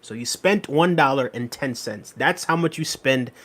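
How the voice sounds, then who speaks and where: A man's voice: mid-range voice, moderate pace, fairly bright tone. A man with an ordinary mid-range voice hosts a livestream. He chats casually with viewers, reading their comments aloud, repeating phrases and laughing often. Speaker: livestream host.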